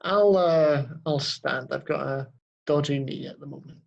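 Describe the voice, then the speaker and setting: Gravelly guy player, slow and laid-back, muffled lo-fi mic. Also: fairly high pitch. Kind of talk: casual tabletop play. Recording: dull lo-fi mic.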